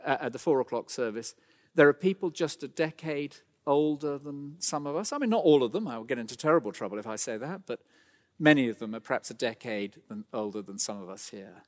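A middle-aged man delivers a church sermon, his voice pitched in an ordinary middle range. He speaks earnestly, rises to fervent emphasis, and drops in fillers and restarts. The sound carries a long reverb from a large hall. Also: animated, fairly quick. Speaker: preacher.

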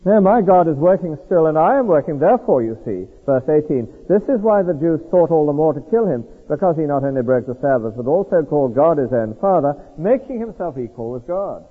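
A man preaching an expository sermon to a congregation, animated and full of rhetorical questions to the listeners. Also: a little high, fairly quick, hardly any pauses, husky. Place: large hall before a congregation. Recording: echoey hall on a tinny lo-fi line.

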